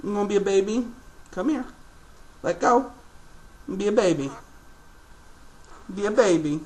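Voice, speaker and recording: A man's voice: high-pitched, animated, a little slow, a little mellow. A man filming a casual home video, chatting to his pet birds in a sing-song baby-talk voice.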